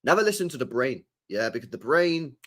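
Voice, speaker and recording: A young man on a casual livestream, talking in an animated and slangy way. He repeats his points and tacks mate or bro onto his sentences, at a middling pitch. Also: a little fast. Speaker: football channel host. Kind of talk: casual livestream chat reading super chats.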